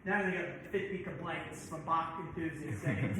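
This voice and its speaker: A man's voice: on the high side, normal speed, background noise. A man directing a choir rehearsal, breaking into song to demonstrate and stopping often to correct the singers. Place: church sanctuary. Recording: very echoey church room.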